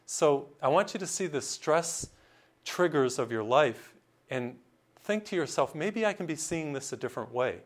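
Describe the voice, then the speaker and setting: Priest giving a sermon. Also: male voice, a little high, expressive, moderate pace. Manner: storytelling with voiced characters and jokes.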